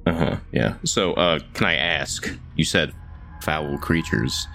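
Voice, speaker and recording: A young man playing his character in a tabletop game, relaxed and joking. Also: a bass voice, takes it slowly, vocal fry, faint music behind. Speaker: player. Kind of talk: casual tabletop play.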